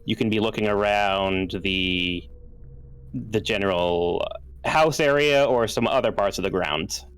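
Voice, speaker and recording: A man narrating a tabletop horror game as game master in a relaxed, conversational way with frequent fillers. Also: on the low side, measured pace, clear, resonant tone.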